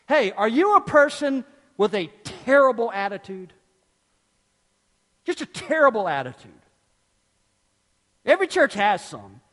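High-voiced preacher in echoing church. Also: male voice, unhurried, pauses often. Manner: animated preaching, swinging from loud bursts to hushed tones. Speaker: pastor. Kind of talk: sermon.

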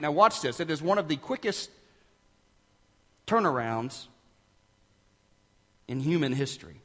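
A man preaching a sermon as pastor, emphatic and dramatic, dropping to hushed asides and rising again. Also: high-pitched, animated, measured pace, long pauses, in a large hall.

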